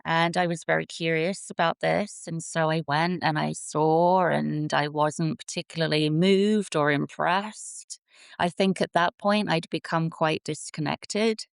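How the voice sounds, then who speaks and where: A woman in her forties, originally from England, tells how her sanctuary began, speaking as its founder in an interview. Her low, creaky voice is smooth and steady at a measured pace, earnest and vivid, with no room sound.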